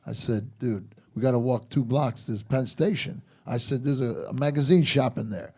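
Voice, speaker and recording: A man telling a lively story in casual chat, acting out the quotes as he goes. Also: mid-range voice, normal speed, husky. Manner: animated storyteller, acts out quotes.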